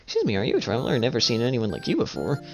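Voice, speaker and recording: A man's voice: medium pitch, wildly swooping pitch, rapid-fire, gravelly, darkish tone. A man voicing a restless, curious young maiden from a game in an eager, rambling way. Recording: slightly dull audio with faint music.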